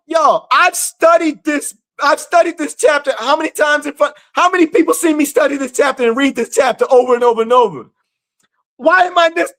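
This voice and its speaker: A man leading a live scripture study, reading verses and breaking into excited, slangy commentary that repeats words for emphasis. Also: very high-pitched. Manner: reads scripture slowly, then bursts into excited preaching asides. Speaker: Bible study teacher.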